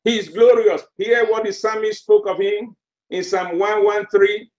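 Preacher, male, very high voice, slow deliberate sermon delivery, roomy muffled recording. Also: little pitch movement, darkish tone. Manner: emphatic, repeats phrases for effect.

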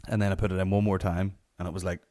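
Northern Irish male comic host, lowish voice, rambling sweary storyteller. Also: flat delivery, racing, dark tone. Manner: sweary, rambling anecdotal delivery. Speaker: podcast host. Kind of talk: solo comedy podcast storytelling.

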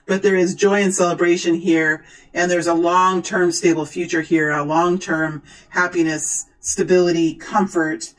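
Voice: medium pitch, normal speed, poor audio. A tarot reader talking to viewers during a card reading, gushing and exclaiming. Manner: excitable, exclaims and gushes.

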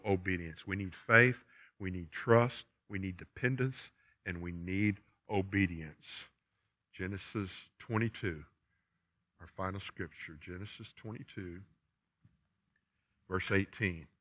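This pastor, preaching to his congregation in the church sanctuary, drives his points home emphatically and keeps returning to key phrases. His lowish voice has a fairly bright tone, and the church recording sounds dull and lo-fi.

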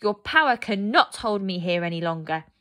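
A woman's voice: mid-range voice, expressive, moderate pace, bright, forceful tone. A woman voicing a young boy in a storybook reading, earnest and breathless. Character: young boy, brave once freed.

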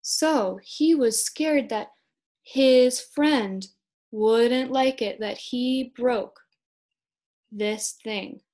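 A young woman in her twenties giving a children's read-aloud lesson, speaking gently and encouragingly to young kids. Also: on the high side, very slow. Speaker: speech-language pathology student teacher.

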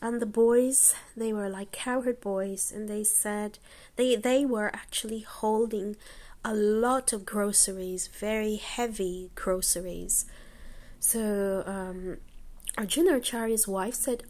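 A woman telling a devotional story in a halting way, with many pauses and restarts. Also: mid-range voice, fairly even intonation, a little mellow. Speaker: devotional speaker.

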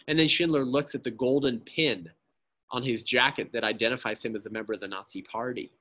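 A man's voice: medium pitch, fairly quick, pushed and bright, slight background noise. A man giving an impassioned pro-life talk at a church, speaking emphatically, often asking "right?" and addressing the listeners as friends.

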